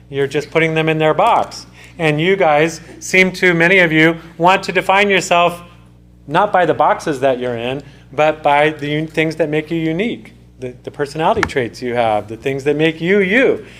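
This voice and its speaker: A man's voice: on the high side, a bit bright. A man giving a conversational classroom lecture as a sociology lecturer, talking in restarts and asides to his students. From United States.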